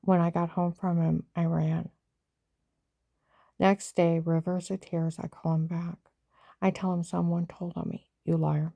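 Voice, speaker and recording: A woman's voice: fairly low pitch, level tone, unhurried, creaky, dark tone, no echo. A woman giving an agitated, rambling personal account and acting out what other people said. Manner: agitated, rambling retelling that acts out others' lines.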